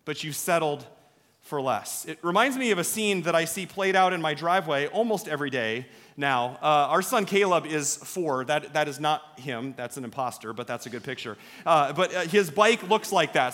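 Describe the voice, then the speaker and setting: A man's voice: on the high side, a bit bright. A man in his thirties preaching a sermon, telling stories in an emphatic, conversational way. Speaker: pastor. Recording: long hall reverb.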